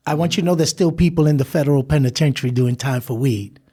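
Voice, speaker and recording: A man as a podcast guest, telling his life story in an animated way, laughing and acting out the people he quotes. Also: on the high side, fast, husky. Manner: animated, laughs through stories, acts out quoted voices. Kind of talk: storytelling interview.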